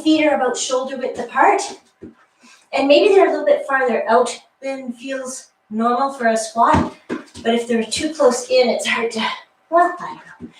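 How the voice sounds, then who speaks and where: A woman leading a guided workout class, counting reps with chatty asides and slightly out of breath. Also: sits high. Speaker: fitness instructor. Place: exercise room with a wall. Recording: echoey room, mic far off.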